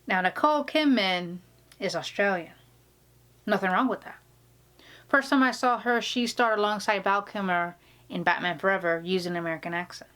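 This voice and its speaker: A woman's voice: medium pitch, moderate pace, fairly bright tone. A woman vlogger talking casually to camera, gushing and rambling, sometimes dropping to a whisper.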